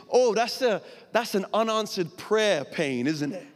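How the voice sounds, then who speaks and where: High-voiced male preacher in a hall. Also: lively intonation, takes it slowly, few pauses. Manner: dramatic, swings from quiet asides to loud pleading. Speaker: pastor. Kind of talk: sermon.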